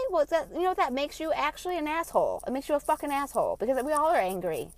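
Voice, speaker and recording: A woman's voice: sits high, sing-song, no room sound. Heated, profane woman ranting. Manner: heated, profane, blunt, fast swings in loudness. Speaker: vlogger. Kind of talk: ranting monologue.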